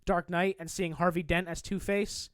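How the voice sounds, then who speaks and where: A man's voice: sits high, flat delivery, moderate pace, dry recording, clean studio sound. A young man co-hosting a podcast in casual chat, gushing with enthusiasm. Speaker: podcast co-host.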